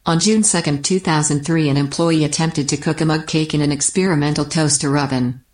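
A woman voicing a deadpan corporate voicemail greeting in a comedy bit. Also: low-pitched, brisk, natural voice.

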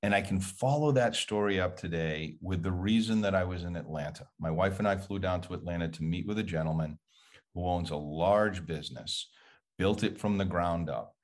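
A man speaking as a guest on a podcast in a measured, conversational way. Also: sits low. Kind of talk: casual conversation.

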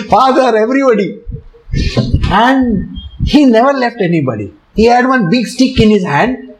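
A man's voice: high-pitched, poor audio. A man with an Indian English accent, telling a devotional story and patiently explaining its terms, often chuckling as he talks. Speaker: teacher explaining a devotional book.

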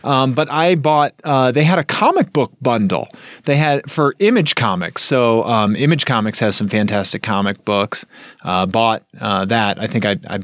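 A man co-hosting a podcast aftershow, rambling through casual chat full of fillers and excited tangents. His voice sits at a middling pitch and sounds dry and close on the microphone. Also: moderate pace, no room sound. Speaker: podcast co-host.

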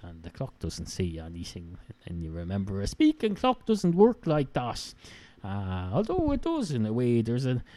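A man's voice: medium pitch, huge pitch swings, normal speed, dark tone. A man with an Irish accent hosting a rambling solo podcast, full of "uh" fillers and self-mocking asides. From Ireland. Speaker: podcast host.

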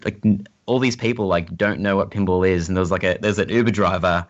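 Australian male podcast guest, very deep, meandering, muffled remote line. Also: steady tone, fast. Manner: rambling, many fillers and restarts. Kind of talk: casual podcast chat.

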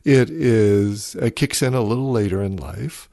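A man, a psychologist guest on a podcast, explaining ideas in a thoughtful, measured way and telling stories. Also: on the low side, creaky, dark tone, no echo, studio quality.

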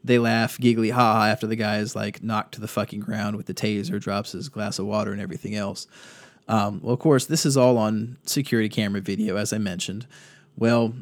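A man's voice: on the low side, steady tone, fairly quick, no echo. A man hosting a podcast, giving sardonic, profane commentary on news stories and reading quotes aloud. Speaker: podcast host.

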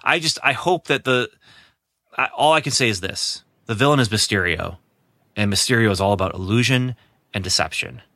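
A man's voice: on the low side, expressive, moderate pace, bright, forceful tone, no room sound, studio quality. A man hosting a casual podcast chat, enthusiastic and chatty, laughing easily as he talks. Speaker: podcast host.

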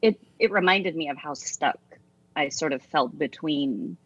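A low-voiced woman in her forties speaks as an interview guest, earnest and reflective, reaching back through her own story in loose conversational talk. Her voice sits on a dry, slightly dull recording with no room sound. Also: a little slow, husky, dry recording. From United States. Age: 40s. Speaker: interview guest, music teacher and author.

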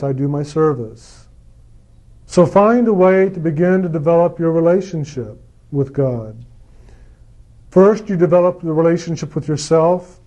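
A man giving a gentle, repetitive spiritual talk about meditation and enthusiasm. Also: a little high, highs cut off. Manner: gentle, repetitive, acts out quoted lines with mock enthusiasm. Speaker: spiritual speaker.

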